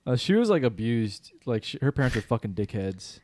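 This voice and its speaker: A man's voice: medium pitch, very animated, a little fast, a little mellow, a little hiss or hum. A man co-hosting a podcast in casual chat, telling stories with frequent laughter and casual swearing. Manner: laughs often mid-story, swears casually. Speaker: podcast co-host.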